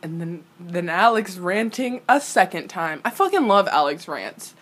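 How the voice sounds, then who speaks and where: A woman's voice: lowish voice, very animated, measured pace, a bit bright, breathy edge. A young woman giving casual reaction commentary on a TV episode, ranting animatedly and swearing freely. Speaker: reaction video host.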